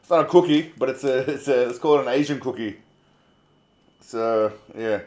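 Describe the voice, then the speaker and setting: A man's voice: mid-range voice, moderate pace, darkish tone. An Australian man hosting a casual livestream, reading viewer comments aloud in a laid-back, chatty way, swearing freely and calling people mate. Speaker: livestream host.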